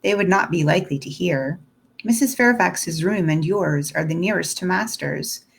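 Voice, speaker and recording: A woman's voice: on the low side, creaky, slightly rough. Woman reading as a coolly composed servant woman. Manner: measured, prim and even. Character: cool, composed middle-aged female servant.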